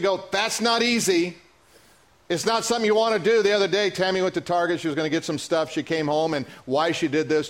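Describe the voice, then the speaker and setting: A man's voice: high voice, fairly bright tone. A man preaching a sermon as pastor, joking with the congregation and acting out little dialogues.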